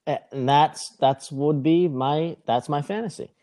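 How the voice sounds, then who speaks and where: A young man with a somewhat high voice talks at an unhurried pace on a casual podcast. He tells a rambling, profane story and acts out what the other people said, keeping the retelling animated.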